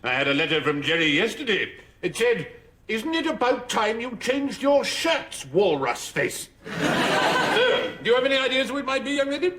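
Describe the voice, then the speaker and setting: An actor playing a blustering, pompous older British general with a booming, bombastic manner. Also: male voice, very animated, normal speed, full character voice. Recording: TV clip audio with loud noise.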